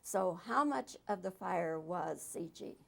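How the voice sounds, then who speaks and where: A woman interviewing a film director, asking her questions in a warm, measured way. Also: lowish voice, lively intonation, vocal fry.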